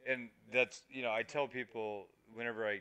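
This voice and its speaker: A man's voice: mid-range voice, level tone, moderate pace, sharp tone, smooth. A man co-hosting a casual gaming podcast, explaining things in an emphatic way and swearing casually. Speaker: podcast co-host. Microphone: streaming microphone.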